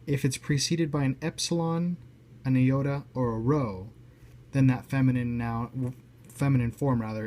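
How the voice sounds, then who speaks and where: A man's voice: medium pitch, a little mellow, slight background noise, low-quality recording. Man teaching a grammar lesson. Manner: explanatory, with small self-corrections and asides. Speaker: Greek language teacher. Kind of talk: explaining slides in a recorded lesson.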